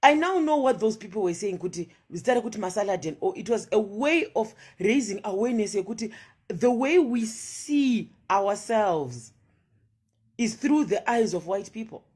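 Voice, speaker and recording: A woman's voice: mid-range voice, lively intonation, moderate pace, darkish tone, slightly rough. A woman giving a passionate monologue of social commentary, firing off rhetorical questions and switching between English and Shona.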